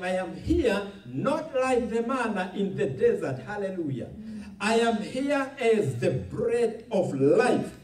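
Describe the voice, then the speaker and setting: A man preaching a sermon as a pastor, slow and emphatic, with repeated hallelujahs. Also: high voice, darkish tone, echoey room, recorded from a distance.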